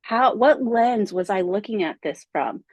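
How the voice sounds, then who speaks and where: A woman's voice: mid-range voice, animated, a little slow, dry recording, highs cut off. A woman guest on a podcast, chatting casually and telling an emotional story with animation. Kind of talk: casual chat.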